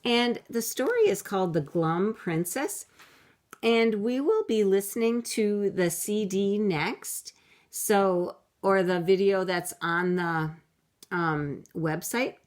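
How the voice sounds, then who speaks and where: A woman teaching young children phonics from home, slowly sounding out words letter by letter for her camera. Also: mid-range voice, lively intonation, darkish tone. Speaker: kindergarten teacher. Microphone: computer camera mic.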